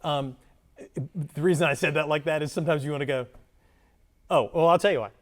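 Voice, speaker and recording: A man teaches a live workshop on camera movement to a seated audience. He talks in a loose, rambling, animated way and pokes fun at himself as he goes. His voice sits slightly higher than most men's. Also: brisk. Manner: rambling, self-deprecating, animated. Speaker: workshop presenter. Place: conference room before a live audience.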